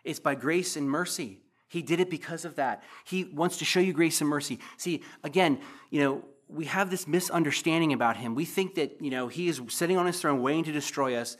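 A man's voice: a little high, a little fast, hardly any pauses. A pastor preaching a sermon in an earnest, emotional way, repeating himself as he pleads with the congregation. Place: church.

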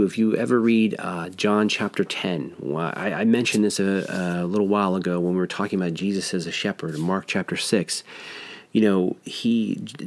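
Low-voiced man teaching the Bible. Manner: conversational, explains verse by verse with restarts.

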